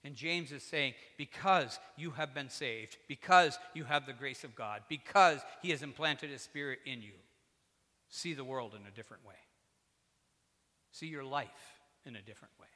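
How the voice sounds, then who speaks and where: A man preaching a sermon in a church, earnest and swinging between fervent emphasis and quiet, low passages. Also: normal speed, long pauses. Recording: echoey hall.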